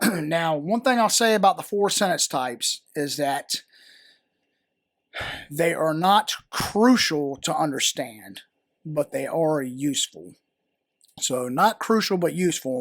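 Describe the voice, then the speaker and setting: A man's voice: fairly high pitch, no echo, clean studio sound. A man with a Southern American accent, patiently explaining a grammar lesson with fillers and repeated words. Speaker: teacher. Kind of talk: grammar tutorial.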